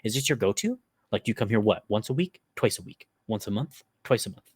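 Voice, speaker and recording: Low-voiced Midwestern guy telling a story. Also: expressive, fast, slightly rough, no echo, clean studio sound. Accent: Upper Midwest American. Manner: rambling, swears freely, laughs while telling. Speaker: podcast co-host. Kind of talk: casual storytelling chat.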